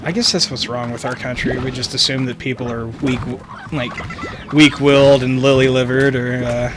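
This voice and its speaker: A man hosting a casual gaming podcast, profane and excitable, given to blurting out at the game. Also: medium pitch, a little fast, music in the background. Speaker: podcast host.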